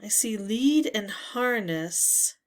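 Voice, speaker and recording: A woman hosting a word puzzle video, musing slowly as she reads the words aloud one by one. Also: medium pitch, expressive. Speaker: word game video host. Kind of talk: casual puzzle talkthrough.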